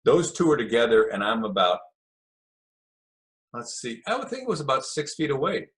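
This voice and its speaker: A man's voice: mid-range voice, very animated, normal speed, a bit bright. An older man, a podcast guest, telling long anecdotes in a casual interview and acting out what others said. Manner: rambling anecdotes with acted quotes.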